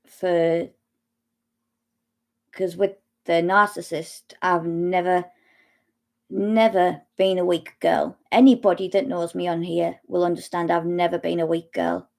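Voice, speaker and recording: A middle-aged woman speaking slowly and haltingly about her own experience, pausing often and restarting her sentences. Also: fairly low pitch, flat delivery, vocal fry, darkish tone. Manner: slow, halting, with long pauses and restarts. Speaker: speaker sharing personal experience. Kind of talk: personal testimony talk.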